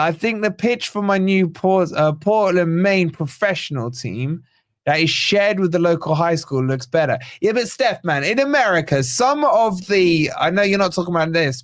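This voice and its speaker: A man's voice: high-pitched, lively intonation, normal speed, dry recording, studio quality. A man hosting a live football watch-along, bantering and reading viewer comments aloud. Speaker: host of a football fan channel watch-along.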